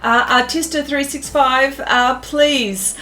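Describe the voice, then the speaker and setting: A woman's voice: high-pitched, fairly even intonation, takes it slowly, bright, forceful tone. An Australian woman hosting an art live stream in bubbly, casual chat, full of fillers and giggly greetings.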